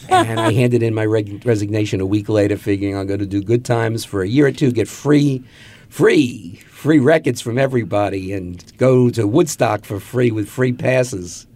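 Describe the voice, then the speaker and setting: A man's voice: mid-range voice, darkish tone. A man in his seventies from Queens, a magazine publisher telling wry anecdotes in a radio interview. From Queens, New York. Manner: anecdotal, wry, acts out quotes.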